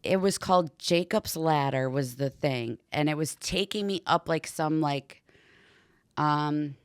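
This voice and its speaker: A woman with a low, grounded voice talks as a podcast guest. She tells her story in an animated, loose way, full of "like" and casual swearing. The sound is dry and close, with no room echo. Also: unhurried, smooth. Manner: animated, heavy use of "like" and swearing. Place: podcast studio.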